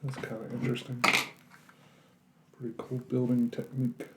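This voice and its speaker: Gravelly tired man in an echoey room. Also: mid-range voice, monotone, moderate pace, heavy background noise. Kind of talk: casual chat while building a brick set.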